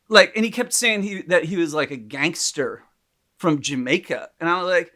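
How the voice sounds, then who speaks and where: A man's voice: on the high side, animated, moderate pace, pushed and bright. A man co-hosting a podcast, telling a story in casual chat with lots of laughs and restarts. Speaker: podcast co-host, psychologist.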